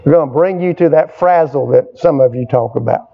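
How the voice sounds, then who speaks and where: Older male pastor with a high-pitched voice in a church sermon. He talks call-and-response, drawing amens from the room and hammering phrases again and again. It is a dull, lo-fi recording. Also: a little fast, vocal fry. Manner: call-and-response preaching, prompting the congregation for amens; repetitive, emphatic phrasing. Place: church service with a responding congregation.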